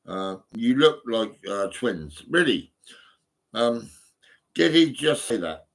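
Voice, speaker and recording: A man's voice: mid-range voice, very animated, slow. A middle-aged man from Hampshire with a southern English accent, chatting casually into a phone in a small home room, rambling and swearing, with many halts and fillers. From England, Hampshire. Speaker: vlogger.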